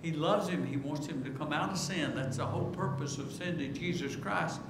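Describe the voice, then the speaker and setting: A man preaching a sermon in earnest, repeating key words and rising in pitch as he pleads. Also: normal speed. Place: church sanctuary. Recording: echoey church room with background noise.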